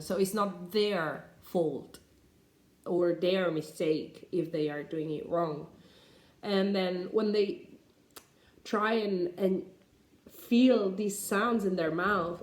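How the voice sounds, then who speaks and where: A woman with a Spanish accent, a native Spanish speaker, explaining pronunciation tips as an English teacher in an unhurried way, with many fillers and restarts. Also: lowish voice, reverberant.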